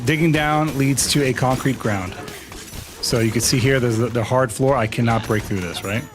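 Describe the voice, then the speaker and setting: A man streaming a game live, talking playfully with a co-player and breaking into goofy shouted chants as he narrates his moves. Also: mid-range voice, moderate pace. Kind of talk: live gaming stream commentary.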